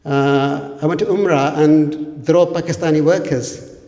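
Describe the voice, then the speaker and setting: A man doing relaxed, conversational, self-deprecating stand-up comedy. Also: a little high, measured pace. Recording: echoey hall from a distance.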